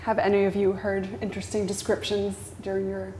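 A woman's voice: medium pitch, completely flat delivery, dark tone, a little hiss or hum. A woman co-hosting a painting stream, chatting casually and laughing a lot. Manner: slow, amused, laughs a lot. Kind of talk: casual chat.

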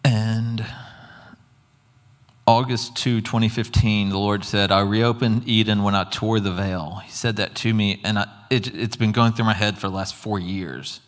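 A man's voice: fairly low pitch, steady tone, unhurried. A man giving an earnest, conversational sermon testimony with casual asides. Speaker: preacher. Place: church hall. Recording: long hall reverb.

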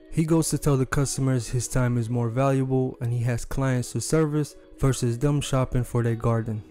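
Male narrator, scripted clip intros, mid pitch, soft music bed. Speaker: compilation narrator.

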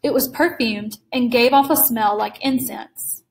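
A woman reading a classic short story aloud in a measured, clear storytelling manner. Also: on the high side, poor audio. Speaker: reader.

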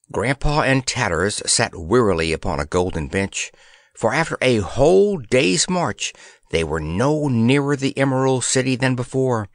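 A man reading a children's storybook aloud in an expressive, measured manner. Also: fairly low pitch, dry recording, studio quality. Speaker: audiobook narrator. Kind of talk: scripted audiobook narration.

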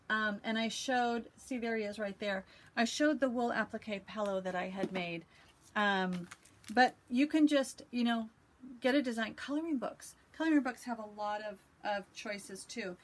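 A woman quilting vlogger chatting casually and enthusiastically as she shows her quilts, with lots of ums and restarts. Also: on the high side. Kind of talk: casual show-and-tell chat.

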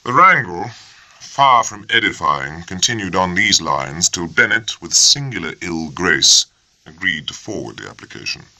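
Male audiobook narrator, deep and lively-toned, dry close-mic read. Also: normal speed, no echo. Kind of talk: scripted narration.

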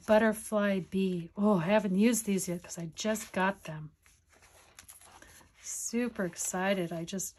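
A woman's voice: medium pitch, darkish tone, slight background noise. A woman chatting casually in a crafting vlog, rambling and giggly while she shows off her finds. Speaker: crafting vlogger. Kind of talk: casual show-and-tell chat.

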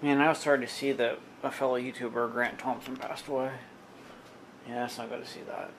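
Man vlogger, gravelly and sarcastic, casual rambling delivery, faint hiss behind. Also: mid-range voice, flat delivery, brisk, fairly bright tone, poor audio. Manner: sarcastic, talks to his dog.

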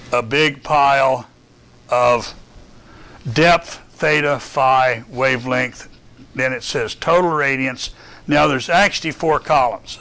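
A man running a lab session, explaining a data file while thinking aloud, halting with many fillers. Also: mid-range voice, bright, forceful tone. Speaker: lab instructor. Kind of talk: classroom lab walkthrough.

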